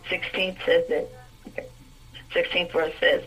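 Low husky woman reading scripture slowly. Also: fairly even intonation, poor audio. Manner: slow, careful reading. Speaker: Bible study participant reading scripture.

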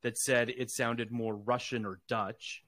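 A man's voice: mid-range voice, level tone, measured pace, a bit bright, no room sound. Opinionated man rambling about films. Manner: rambling, swears freely, opinionated. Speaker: podcast guest. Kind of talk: casual film chat.

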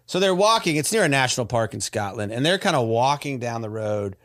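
Lively man telling a story. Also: medium pitch, fairly quick, dry recording. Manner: storytelling with many fillers and restarts. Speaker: podcast host. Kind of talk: casual chat.

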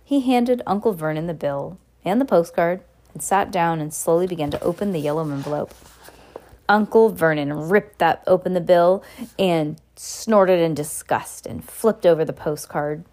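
Reading a novel aloud in an easygoing way, a young woman speaks at a fairly low pitch and a moderate pace. She keeps things relaxed and chatty, pausing for playful asides.

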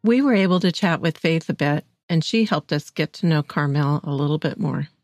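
A woman co-hosting a podcast, reading a scripted true-crime narration in a measured way. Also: low voice, animated, a little mellow, faint music behind. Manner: measured reading, agreeable in chat. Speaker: podcast co-host.

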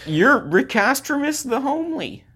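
A man's voice: very high-pitched, very animated, normal speed, sharp tone, husky, exaggerated voice. A man voicing a dim-witted, childlike male demon sidekick in an improvised comedy podcast sketch, eager and easily confused.

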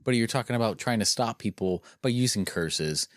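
A man's voice: fairly low pitch, expressive, brisk, no echo, studio quality. A man co-hosting a podcast who rambles and searches for words in casual banter. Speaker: podcast co-host.

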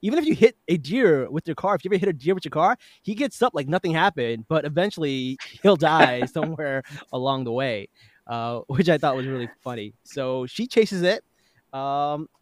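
A man's voice: on the high side, lively intonation, moderate pace. A man hosting a podcast, casually retelling a TV episode and laughing often as he goes. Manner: chatty, laughs often while retelling scenes. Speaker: podcast host.

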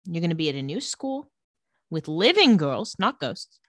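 A woman co-hosting a podcast, recapping a TV episode in casual chat and retelling scenes in a flat, lowered voice. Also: moderate pace, no room sound, studio quality.

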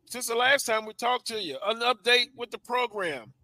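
A man hosting a sports talk radio show, chatty and relaxed as he brings in guests. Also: very high voice, moderate pace, no room sound.

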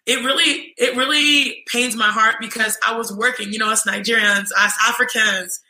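A young woman telling an animated story in casual chat, acting out other people's voices in quotes. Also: a little high, normal speed, a little hiss or hum. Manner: lively, mimics voices in quotes, says "you know what I'm saying". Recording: roomy echo.

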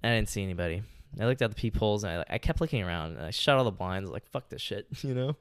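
A man's voice: lowish voice, lively intonation, fast, clean tone, dry recording, studio quality. A young man on a podcast telling a story in casual, rambling chat, swearing often and filling gaps with "like" and "you know". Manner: rambling, profane, heavy use of "like" and "you know". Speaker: podcast co-host.

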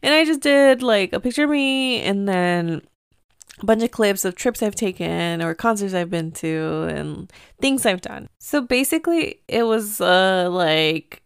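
A woman's voice: mid-range voice, animated, unhurried, smooth, dry recording, studio quality. A woman in her thirties hosting her own podcast, talking candidly and casually with lots of "like". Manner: candid, chatty, heavy use of "like". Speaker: podcast host. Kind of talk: casual chat.

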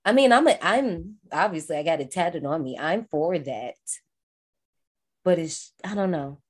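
A woman co-hosting a podcast in casual chat, recapping a film in an animated, profane way. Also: lowish voice, a little slow, breathy edge. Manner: animated, profane, acts out characters. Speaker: podcast co-host.

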